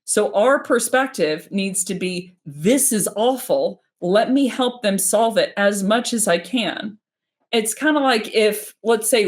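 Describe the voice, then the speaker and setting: A woman in her thirties hosting a live stream, casual and animated, acting out little quoted exchanges as she explains. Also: mid-range voice. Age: 30s. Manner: animated, nerdy, acts out quoted dialogue.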